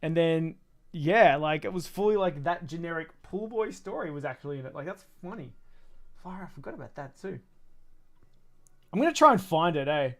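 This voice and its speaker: A man's voice: a little high, expressive, normal speed, fairly bright tone. A man in his thirties chatting casually to his stream while building a toy kit, rambling, swearing and laughing often. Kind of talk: casual livestream chat.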